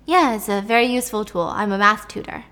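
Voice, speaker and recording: A woman voicing a shy, awkward woman in her forties who answers flatly. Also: medium pitch, fast talker, natural voice. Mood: deadpan.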